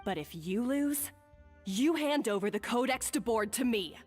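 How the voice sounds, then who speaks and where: An actress playing a proud, defensive young head chef in a game, curt and combative. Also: female voice, a little high, expressive, normal speed, a little mellow. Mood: defiant. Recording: reverberant game audio with music.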